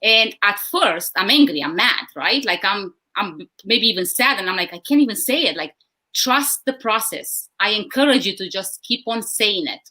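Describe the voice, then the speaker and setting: A woman's voice: mid-range voice, lively intonation, moderate pace, bright, forceful tone. A woman speaking earnestly in a live discussion, often repeating words as she thinks. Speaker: guest speaker.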